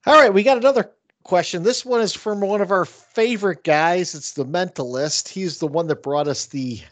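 A man hosting a sports podcast, reading listener questions in a lively, upbeat way. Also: high-pitched, normal speed, dry recording. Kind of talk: casual sports chat.

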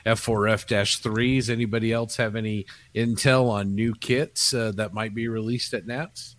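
Low-voiced man, hesitant. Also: steady tone, moderate pace. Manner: hesitant, many fillers. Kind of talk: casual group chat on a call.

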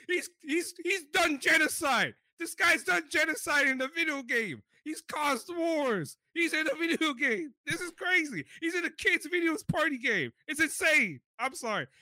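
A young man co-hosting a podcast in casual chat, excitable and profane, often laughing. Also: extremely high pitch, unhurried, no room sound. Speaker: podcast co-host.

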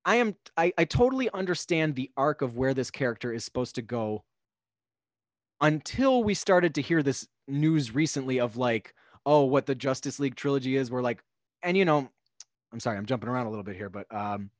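A young man on a podcast, casually talking through a film in a rambling, animated way. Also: mid-range voice, a little fast, dry recording, studio quality. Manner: rambling, animated, acts out characters' lines. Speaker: podcast guest.

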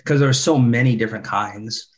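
A man's voice: medium pitch, a little fast. A man in his forties co-hosting a podcast, chatting casually and goofing around with silly voices. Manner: laid-back, goofy, acts out silly voices. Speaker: podcast co-host. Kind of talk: casual nostalgic chat.

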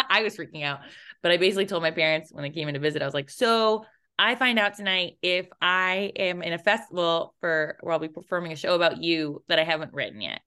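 A woman's voice: low voice, quick pace, pushed and bright, clean tone. A young adult woman casually telling a story as an interview guest, laughing often and acting out the voices in her quotes. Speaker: interview guest, playwright and performer.

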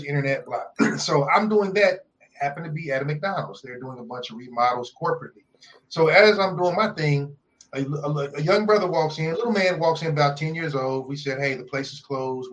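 A man co-hosting a podcast, telling a story in a casual, profane, animated way and acting out the people in it. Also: on the high side, fairly quick, lo-fi sound. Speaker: podcast co-host. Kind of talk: casual chat, storytelling rant.

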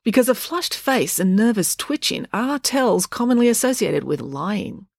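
A woman's voice: fairly high pitch, very animated, normal speed, gravelly, no room sound, clean studio sound, voice pushed up, full character voice. Woman doing a cool clinical psychiatrist.

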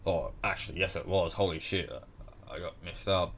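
A man's voice: low voice, steady tone, moderate pace, a bit bright, slight background noise. A man with an Australian accent hosting a casual sports show, ranting bluntly and swearing heavily. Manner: heavy swearing, blunt and exasperated. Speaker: podcast host.

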